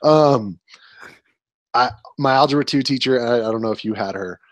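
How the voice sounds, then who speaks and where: A man's voice: medium pitch, moderate pace, dry recording. A man in his twenties co-hosting a casual podcast, telling annoyed stories with an exasperated, ranting manner. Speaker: podcast co-host.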